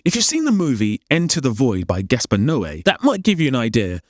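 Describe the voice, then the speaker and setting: A man's voice: medium pitch, wildly swooping pitch, a little fast, no room sound, studio quality. A man narrating a comedic film critique, firing off exasperated, incredulous questions. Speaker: film commentator.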